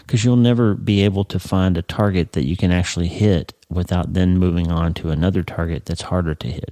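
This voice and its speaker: A middle-aged man hosting a podcast, talking earnestly about happiness and acting out people's inner thoughts with rising excitement. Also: low-pitched, fairly quick, no room sound, clean studio sound. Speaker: podcast host. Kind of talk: motivational podcast talk.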